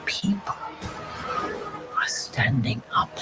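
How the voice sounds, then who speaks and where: An actor playing a stern rebel man, speaking low and measured in film trailer dialogue. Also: loud music behind the voice, lightly acted. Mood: ominous. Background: loud orchestral score.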